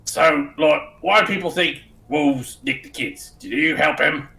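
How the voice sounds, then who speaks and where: A man's voice: on the high side, measured pace, vocal fry, sharp tone, roomy sound, full character voice, poor audio. A man voicing a blunt, slangy male adventurer who rambles as he asks questions. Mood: suspicious.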